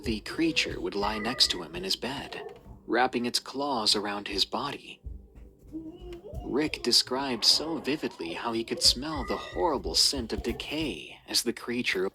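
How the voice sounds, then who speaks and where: A man's voice: medium pitch, huge pitch swings, unhurried, creaky, sharp tone, poor audio. A man narrating a scripted horror story in a dramatic, suspenseful reading.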